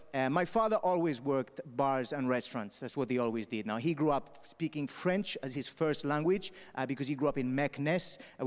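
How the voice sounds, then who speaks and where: A young man from Mallorca doing an animated stand-up comedy set on a festival stage, peppering his talk with punchy "all right?" asides. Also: mid-range voice, long reverb tail. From Mallorca, Spain. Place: festival stage before a live audience.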